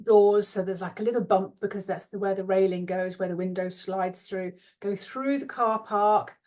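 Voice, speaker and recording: A woman's voice: mid-range voice, a little mellow. A middle-aged woman, giving a casual spiritual talk in a chatty, dreamy way and laughing often. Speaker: spiritual teacher and card reader. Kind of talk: casual guided visualization talk.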